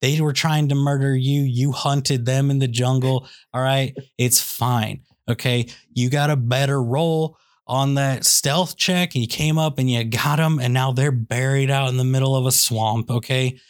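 A man on a podcast doing an excitable comedic rant. He keeps tagging his lines with "okay?" and "all right?", and his voice jumps high when he gets worked up. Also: unhurried, hardly any pauses.

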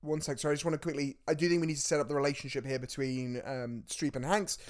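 Rambling, excitable man on a podcast. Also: on the high side, fast talker. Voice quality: rambling, excitable, many restarts. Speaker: podcast co-host. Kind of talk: casual chat reviewing a film.

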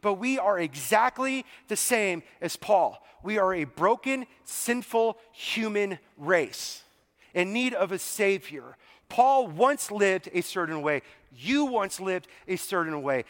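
A man with a high voice preaches in a casual, animated way and acts out the scenes he retells. His voice rings with the long reverb of a large church hall. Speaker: pastor. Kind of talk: sermon.

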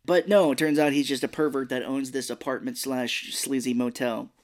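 A man's voice: mid-range voice, fairly even intonation. Easygoing man recapping a movie. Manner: easygoing storyteller who slips into quick mocking voices of the characters. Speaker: podcast co-host. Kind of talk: casual chat recapping a film.

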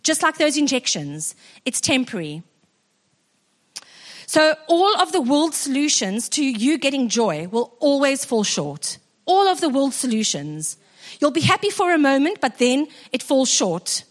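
Woman preacher, middle-aged, high voice, animated self-mocking storyteller. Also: a little slow. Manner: lively, self-mocking storyteller who checks in with the congregation. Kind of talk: storytelling sermon.

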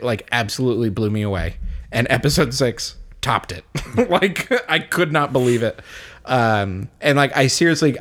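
A man co-hosting a casual chat, eager, laughing often and swearing. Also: medium pitch. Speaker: podcast co-host.

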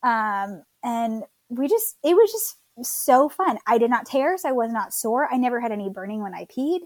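A woman's voice: a little high, big pitch swings, moderate pace, darkish tone, dry recording. A woman in her thirties from Florida casually telling her birth story as a guest, chatty with many fillers.

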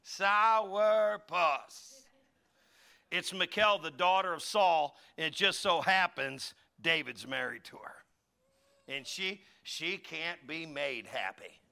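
The middle-aged pastor's voice is high and bright yet gravelly, and he preaches slowly. His animated sermon features acted-out quotes in character voices, and he prompts the congregation to echo lines back to him.

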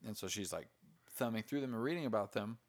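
A man's voice: on the low side, expressive, fast. A man in casual conversation, talking bluntly and with a lot of swearing as he picks apart a film. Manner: profane, blunt and critical. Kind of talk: casual movie chat.

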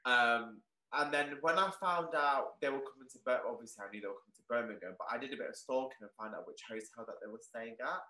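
A young man tells a story as an interview guest in a bright, ringing voice, excitable and leaning on "like" as he goes. The sound carries a roomy echo. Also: mid-range voice, fast talker, few pauses. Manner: excitable, peppered with "like", animated retelling. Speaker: guest, clothing shop owner.

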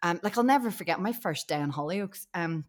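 A woman actress chatting as a podcast guest, telling animated stories and laughing often. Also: lowish voice, fairly quick. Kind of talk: casual chat.

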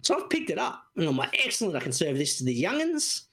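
A man in his thirties, a podcast co-host chatting casually, telling an animated story full of acted-out quotes and swearing. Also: on the high side, fast talker, husky. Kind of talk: casual chat.

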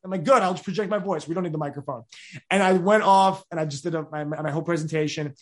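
A young man, answering interview questions in an energetic, rambling way with many restarts. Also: fairly high pitch, quick pace. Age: 20s. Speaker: podcast host being interviewed.

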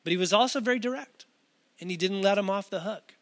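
A man's voice: high-pitched, fast talker, fairly bright tone. A man preaching a sermon to a camera, talking in a conversational, earnest way with frequent restarts and asides. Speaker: pastor.

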